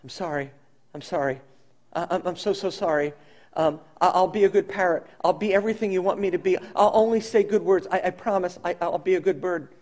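A cowed pet parrot, put on by a preacher, stumbling over its words in a hushed, hurried plea. The voice sits fairly high for a man. It is a storytelling turn within a sermon. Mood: pleading, scared. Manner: stammering, pleading, rushed. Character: cowed male pet parrot, frightened and grovelling.

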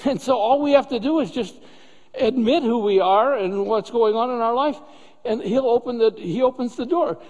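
A male pastor with a high voice delivers a sermon in a relaxed, conversational way and keeps asking rhetorical questions. His voice carries a long reverb that rings through a large hall. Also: normal speed.

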